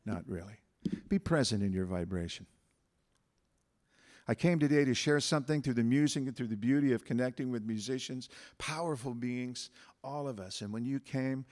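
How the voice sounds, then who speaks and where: A man giving an animated spiritual talk at a middle pitch. He leads affirmations, stretching each phrase slowly and leaning on the words for emphasis. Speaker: guest speaker and musician.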